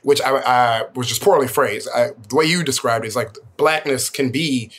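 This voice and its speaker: A man hosting a casual panel discussion, asking a question in halting speech with frequent restarts. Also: medium pitch, fairly bright tone, husky.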